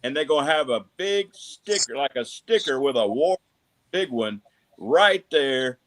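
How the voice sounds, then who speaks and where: A man's voice: mid-range voice, animated, measured pace, fairly bright tone, no room sound. A man co-hosting a casual sports talk show, rambling and hesitant with lots of filler words. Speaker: co-host.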